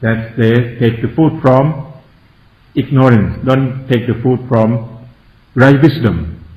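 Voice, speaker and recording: Slow-speaking Thai monk giving a Dhamma talk. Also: male voice, medium pitch. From Thailand. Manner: simple broken English, keeps asking the listeners "you see?". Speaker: Buddhist monk teaching meditators. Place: meditation centre hall. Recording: echoey, dull lo-fi room recording.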